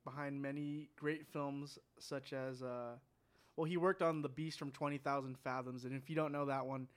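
A podcast co-host with a clear, resonant, mid-range voice speaks at a normal speed in a steady tone during a casual movie chat. He informatively shares film history, listing films with lots of ums and uhs.

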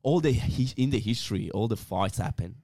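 A mid-pitched man chats on a podcast, with a dry, close sound. He talks in halting bursts with restarts, calls his friend "mate" and laughs often. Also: lively intonation, mellow, no echo. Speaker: podcast co-host. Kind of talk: casual chat.

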